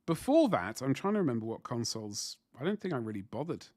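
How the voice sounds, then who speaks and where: A man's voice: mid-range voice, sing-song, fast talker, darkish tone, dry recording, studio quality. A man in his forties chatting casually on a livestream while painting miniatures, rambling and self-deprecating as he answers chat. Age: 40s.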